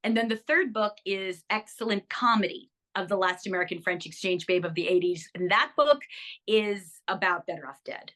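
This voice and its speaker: A woman's voice: medium pitch, normal speed. An older woman, an actress, chatting enthusiastically about her career in an interview, with many ums and restarts. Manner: enthusiastic, animated, lots of fillers. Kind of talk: casual interview chat.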